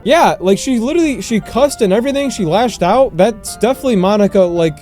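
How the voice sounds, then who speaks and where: An excitable gaming streamer who shouts out his reactions while playing a horror game for the first time. His voice sits a little high with a mellow tone, and faint music plays behind him. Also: a little fast.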